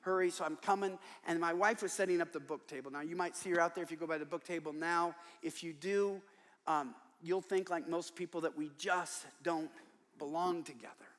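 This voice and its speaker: An older man preaches in a large church, and his voice sits fairly high for a man. He tells stories with animation and acts out the people he quotes. A long reverb trails after his voice in the big hall. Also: fairly even intonation, brisk, fairly bright tone. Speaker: guest preacher. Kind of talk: sermon. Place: large church worship center.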